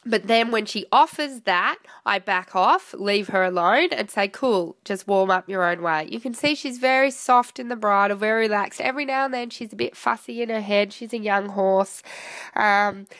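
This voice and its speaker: A woman's voice: mid-range voice, fairly bright tone, no echo. A woman riding coach talking through a training session in an easygoing explanatory way, with frequent filler words. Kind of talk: instructional commentary.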